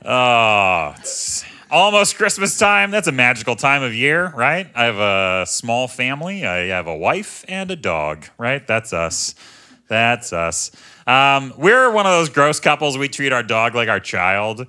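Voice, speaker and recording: A man in his thirties performs stand-up, his voice bright and sharp and his pitch swinging animatedly through each bit. He talks casually and mocks himself, often asking the crowd "right?" before a punchline. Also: big pitch swings, a little slow, smooth. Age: 30s. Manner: conversational, self-mocking, often tags lines with "right?"; jumps into loud high character voices for punchlines. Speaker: stand-up comedian. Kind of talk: stand-up comedy set. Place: comedy club stage.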